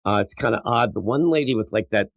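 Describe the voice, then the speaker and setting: A man's voice: on the low side, quick pace, creaky, no room sound. A man hosting a casual comic book podcast, rambling and profane, and acting out characters' lines as he goes. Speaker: podcast host.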